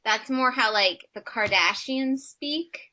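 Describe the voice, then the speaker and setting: Bright-voiced chatty American actress. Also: female voice, fairly high pitch, slow. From United States. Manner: chatty, many fillers, upbeat. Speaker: actress and guest. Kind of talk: casual interview chat. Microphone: video call. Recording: slightly muffled video-call audio.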